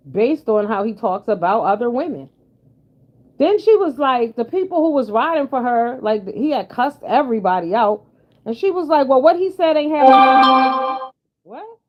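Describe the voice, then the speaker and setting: A woman giving blunt, sassy, profane commentary in casual chat with her viewers. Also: a little high. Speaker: commentary vlogger. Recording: dull lo-fi sound.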